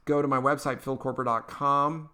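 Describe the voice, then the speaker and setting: A man with an Eastern Kentucky accent hosts his own political talk podcast. He rambles in a chatty, upbeat way, full of fillers and restarts. His voice sits mid-pitch and sounds smooth and resonant. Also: level tone, normal speed, bright, forceful tone. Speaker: podcast host. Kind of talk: casual political commentary.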